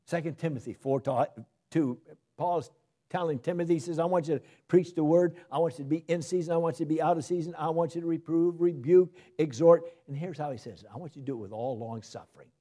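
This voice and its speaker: A man preaching a sermon, shifting from loud emphasis to soft asides. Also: fairly high pitch, quick pace.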